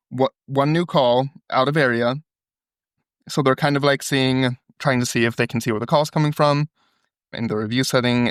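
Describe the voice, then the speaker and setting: A man's voice: mid-range voice, no room sound, clean studio sound. A man co-hosting a podcast, reading a phone call transcript aloud and acting out the quoted lines. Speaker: podcast co-host.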